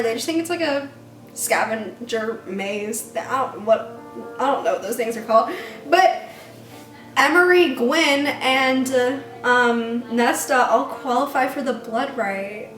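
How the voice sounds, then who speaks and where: A woman giving a casual, rambling book review rant, excitedly retelling scenes with lots of "like". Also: fairly high pitch. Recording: echoey room.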